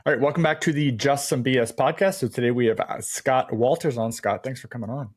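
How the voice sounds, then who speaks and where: Laid-back guy hosting a podcast, quick easy questions. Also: medium pitch. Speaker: podcast host. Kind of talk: casual interview chat.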